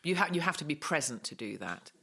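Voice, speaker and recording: A woman's voice: deep voice, big pitch swings, quick pace, gravelly, bright, forceful tone, slightly rough. A woman with an English accent, co-hosting a casual podcast conversation in a frank, openly sarcastic way. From England. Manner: frank, self-described sarcastic. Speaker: podcast co-host and author.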